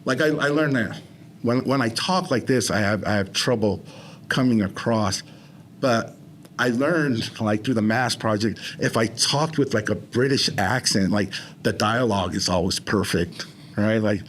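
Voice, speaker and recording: A man's voice: mid-range voice, normal speed, slight background noise. A man speaking as a podcast guest, rambling with many restarts as he tells his story. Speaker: interview guest in recovery. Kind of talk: casual conversation.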